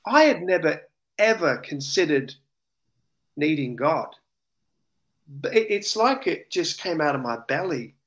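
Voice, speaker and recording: A man's voice: a little high, unhurried, pauses often. An Australian man, an interview guest, earnestly and emotionally recounting a personal testimony. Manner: earnest, emotional, animated retelling.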